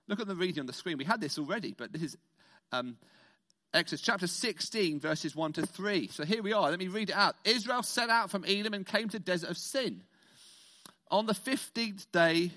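A man from Britain preaching an all-age sermon, animated and playful, leading the congregation in call-and-response. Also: high-pitched.

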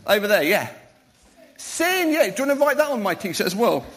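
Animated, high-voiced pastor leading a children's talk. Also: male voice, normal speed. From Wales. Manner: playful and animated, quizzing children and calling them up. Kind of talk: children's talk in a church service. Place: church.

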